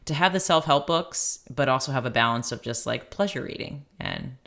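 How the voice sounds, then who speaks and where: A woman's voice: rumbling low, animated, moderate pace, a bit bright. A woman co-hosting a podcast in casual chat, giggling often and talking with many fillers. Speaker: podcast co-host.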